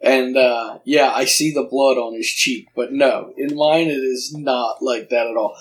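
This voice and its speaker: A man's voice: mid-range voice, steady tone, measured pace. A man co-hosting a podcast in laid-back casual chat, chuckling as he talks. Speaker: podcast co-host.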